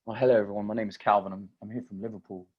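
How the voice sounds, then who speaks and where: A man voicing a prim British gentleman who speaks in a formal, elaborate way. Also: on the low side, fairly even intonation, rapid-fire, husky, muffled recording. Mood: pompous.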